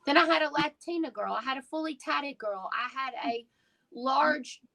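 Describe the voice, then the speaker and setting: Woman, lingerie store owner, guest; slightly high, emphatic and heartfelt storyteller. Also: normal speed, sharp tone, rough recording. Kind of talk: casual interview chat.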